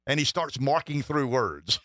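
A man's voice: medium pitch, animated, unhurried, sharp tone, no echo, studio quality. A middle-aged man hosting a political talk radio show, rambling and wry, with lots of restarts. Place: radio studio.

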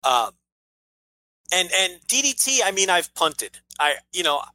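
Bright-voiced, emphatic podcast man. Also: high voice, sing-song, a little slow, rough recording. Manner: emphatic and ranting, swears, many restarts. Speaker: podcast co-host. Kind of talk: casual podcast chat.

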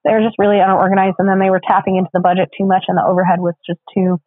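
A woman's voice: medium pitch, flat delivery, racing. A woman chatting casually as a guest about her acting work, laid-back and full of fillers. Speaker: podcast guest, background actor. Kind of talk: casual chat. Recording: tinny phone-like sound.

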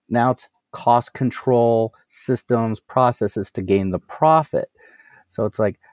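A man giving energetic business advice as a coach, asking rhetorical questions and laughing at himself. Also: on the low side, dry recording, muffled recording. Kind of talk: casual business interview.

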